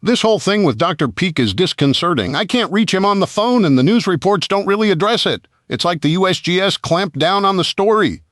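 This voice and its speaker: A man voicing an earnest young woman scientist, the calm peacemaker of the group, in an audiobook. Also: sits high, a little fast, few pauses, no room sound, clean studio sound, voice pushed up. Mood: worried. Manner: earnest, worried. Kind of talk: audiobook character voice.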